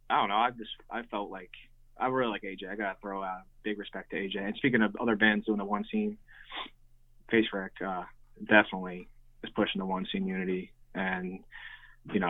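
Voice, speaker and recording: A young man, a musician, telling stories casually with lots of fillers and swearing. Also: on the low side. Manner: rambling, swears freely, many fillers. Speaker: guest, hardcore band musician. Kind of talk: casual storytelling. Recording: tinny phone-like line.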